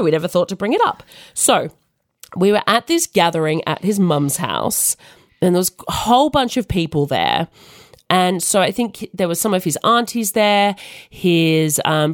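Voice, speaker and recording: Young Australian woman for a chatty podcast, frank storyteller with an animated pitch and a close, dry sound. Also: no room sound. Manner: chatty, frank, lots of "like" fillers. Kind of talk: casual storytelling.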